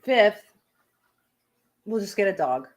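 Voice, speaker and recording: A woman's voice: medium pitch, sing-song, slow pace. A woman in her thirties hosting a live show, chatting casually with viewers, laughing often and making self-deprecating asides. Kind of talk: casual personal chat.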